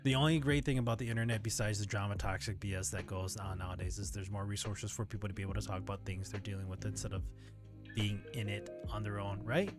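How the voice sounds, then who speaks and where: A man's voice: fairly low pitch, steady tone, fast talker, music in the background. A man talking casually on his livestream, reading out viewer comments and answering them candidly, now and then swearing. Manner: candid and conversational, often swears.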